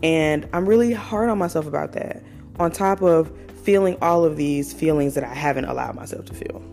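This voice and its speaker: Host type: woman, mid-twenties, slightly low voice, candid and profane solo talk, faint music underneath. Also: moderate pace, darkish tone. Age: 20s. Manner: candid, profane, conversational with slang. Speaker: podcast host. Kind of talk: casual personal monologue.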